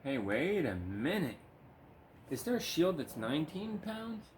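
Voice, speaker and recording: A man's voice: on the high side, big pitch swings, measured pace, a little mellow, a little hiss or hum. A man giving casual, laid-back gameplay commentary at home, swearing freely and cooing at his cat between remarks. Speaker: gaming video creator. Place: home room.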